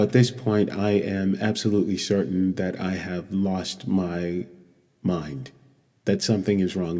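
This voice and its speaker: A man telling a personal story in an earnest, measured way, with long pauses. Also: low-pitched, warm tone. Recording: long echoey reverb.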